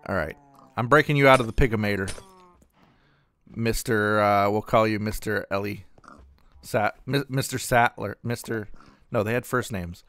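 A man's voice: fairly low pitch, normal speed, pauses often, fairly bright tone, no echo. Man rambling through gameplay commentary. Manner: rambling, thinking aloud with many fillers. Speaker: gaming channel host.

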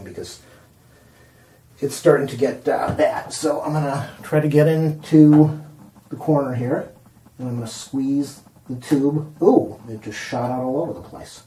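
A man with a warm, mellow voice talks his way through a fix-it job while filming himself. He rambles, backtracks and chuckles at his own words. The camcorder picks him up with plenty of bathroom echo. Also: medium pitch, normal speed. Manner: rambling, self-amused, talking while working with hands. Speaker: home repair vlogger. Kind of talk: casual how-to demonstration. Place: indoor bathroom. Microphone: handheld camcorder mic, self-filming.

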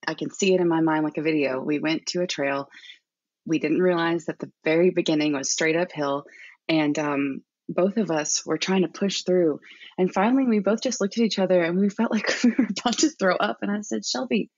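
A woman's voice: fairly low pitch, brisk, a little mellow, no echo. A young adult woman from Arkansas, talking candidly as a guest in a casual podcast interview and laughing often. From Arkansas, USA. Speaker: guest hiker. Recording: dull dry remote audio.

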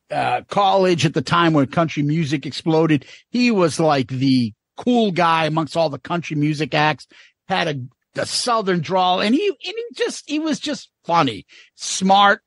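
Rich: A middle-aged man co-hosting a podcast, with a high, gravelly voice full of fry. He chats casually and breaks into laughter often. He is recorded close and dry with no room sound. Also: no room sound. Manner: laughs often, acts out bits he quotes. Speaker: podcast co-host. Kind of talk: casual chat.

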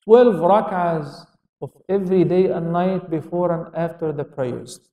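A man's voice: on the high side, a little slow, warm tone. Man lecturing in an echoey hall. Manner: questions the audience and answers himself; switches into Arabic quotations. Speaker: Islamic lecturer. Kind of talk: religious lecture to an audience. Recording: echoey hall, speaker far from mic.

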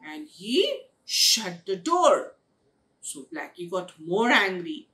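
A woman telling a children's story over an online session, expressive and sing-song. Her bright voice swings widely in pitch, and she takes her time with each line. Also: takes it slowly, distant mic. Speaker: storyteller at a day care. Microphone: online webinar.

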